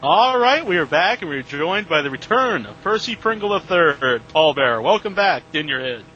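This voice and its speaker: Eager high-voiced male podcast host. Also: big pitch swings, sharp tone, muffled recording, a little hiss or hum. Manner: eager, laughing, quick questions. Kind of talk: interview podcast hosting.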